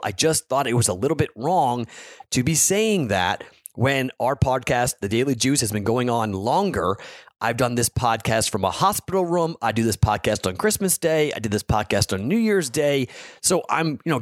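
A man's voice: medium pitch, no echo, studio quality. Frustrated man hosting a betting podcast. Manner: frank, heated, rambling with restarts. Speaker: sports betting podcast host. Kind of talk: casual solo podcast talk.

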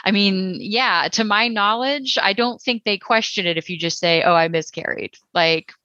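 A woman from Texas co-hosting a casual podcast, her voice bright and a little sharp. She talks loosely, full of "like"s and quick jokey asides. The sound is dry and slightly dull. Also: mid-range voice, dry recording. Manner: chatty, many "like"s and "you know"s, jokey asides. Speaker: podcast co-host.

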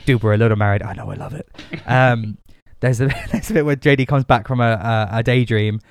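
A man's voice: medium pitch, fairly quick, slight background noise. A young man, co-hosting a casual chat, rambling with restarts and laughing often as he talks. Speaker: podcast co-host.

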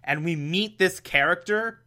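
Young guy sarcastically recapping a show, slow and bright, laughs a lot. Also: high-pitched. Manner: sarcastic, laughs often, does quick mock voices. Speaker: podcast host recapping a show. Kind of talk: casual comedic recap.

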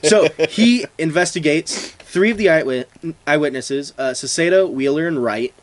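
A man's voice: on the high side, animated, moderate pace. A man co-hosting a podcast, joking around in casual chat and acting out voices of people he describes. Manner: joking, acts out quoted voices. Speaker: podcast co-host.

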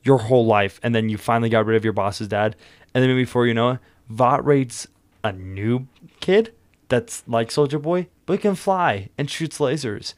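A man's voice: medium pitch, moderate pace. A man co-hosting a podcast in casual chat, rambling and profane, with many fillers. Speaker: podcast co-host.

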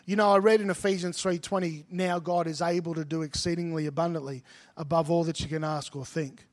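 A middle-aged man preaching a sermon, telling stories and rising to loud, emphatic peaks. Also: fairly high pitch, steady tone, a little fast. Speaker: pastor.

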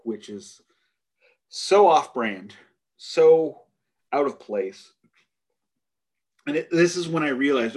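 A man from the United States co-hosting a music podcast, talking in an animated, emphatic and joking way. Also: fairly high pitch, a little slow, pauses often. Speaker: podcast co-host. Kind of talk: casual podcast chat.

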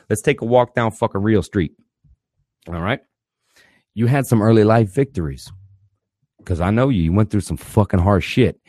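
A man hosting a podcast, giving blunt, fervent counsel full of swearing and swinging between loud and quiet. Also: on the low side, no echo, studio quality. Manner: blunt, swears constantly, mocks therapist clichés. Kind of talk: blunt profanity-laden monologue.

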